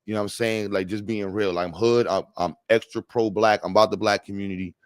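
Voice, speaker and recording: Slangy New man, low voice. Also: brisk, smooth, no room sound. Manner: slangy, animated, laughs often, reads chat aloud. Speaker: livestream panel host. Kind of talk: casual livestream talk. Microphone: streaming mic.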